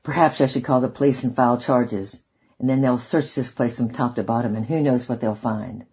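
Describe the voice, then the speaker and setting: A man's voice: medium pitch, fairly even intonation, fairly quick, darkish tone, breathy edge. A man reading aloud, voicing an arrogant, domineering older man with a snide, haughty manner.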